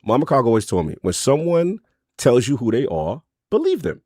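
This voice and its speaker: Lively-voiced man hosting a podcast. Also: medium pitch, fairly quick, breathy edge, no echo, clean studio sound. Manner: rambling, builds points through sayings and analogies. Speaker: podcast host. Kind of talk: casual chat.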